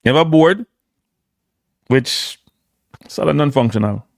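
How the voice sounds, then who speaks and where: A man's voice: mid-range voice, lively intonation, measured pace, creaky, a little mellow, no echo, studio quality. A man with a Jamaican accent giving opinionated solo football commentary, hammering points home by repeating phrases and slipping into patois. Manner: emphatic, repeats phrases for stress, slips into patois.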